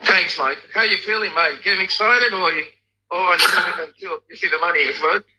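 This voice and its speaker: Australian man, chat host, short easy prompts, high and bright voice, radio-like sound. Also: moderate pace, slight background noise, poor audio. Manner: relaxed, brief questions and prompts. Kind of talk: casual chat.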